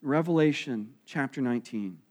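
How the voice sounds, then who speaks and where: A male pastor preaching a sermon, acting out the voices in his stories and dropping soft and slow on key phrases. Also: medium pitch. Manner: animated storytelling, acting out quoted voices.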